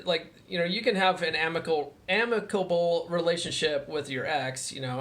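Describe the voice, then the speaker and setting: A young man with a fairly high-pitched voice tells a story in a relaxed vlog. He talks casually and curses often, with plenty of fillers and restarts. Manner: casual, profane, chatty with many fillers; mimics others in a raised voice when quoting them. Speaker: vlogger.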